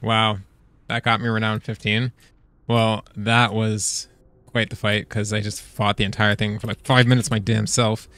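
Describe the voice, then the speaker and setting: A man's voice: on the low side, unhurried, a little hiss or hum. A man streaming a game, talking casually to his viewers with a lot of swearing and frequent laughter. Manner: excitable, profane, laughs often. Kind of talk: casual gameplay commentary.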